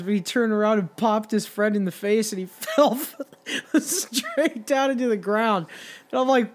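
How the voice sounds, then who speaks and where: A young man casually telling a long, profane bar story on a podcast, quoting the people in it. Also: sits high. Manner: profane, rambling anecdote with quoted voices. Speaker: podcast co-host.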